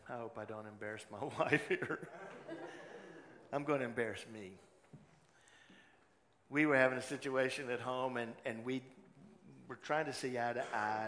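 Pastor preaching in a reverberant hall. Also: male voice, medium pitch. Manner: swings from loud exhortation to hushed storytelling. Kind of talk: sermon. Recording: long hall reverb, faint room noise.

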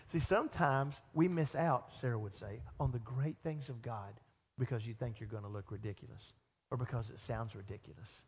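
A middle-aged man preaching a sermon as pastor, animated and acting out the voices of people he quotes. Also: medium pitch, moderate pace, husky. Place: church sanctuary. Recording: long church reverb.

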